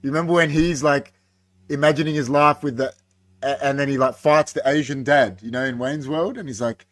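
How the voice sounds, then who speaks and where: A man's voice: on the high side, fairly quick, no echo. Casual man, dry close sound. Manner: animated, profane, acts out movie quotes. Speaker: co-host of a movie review show. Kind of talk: casual chat.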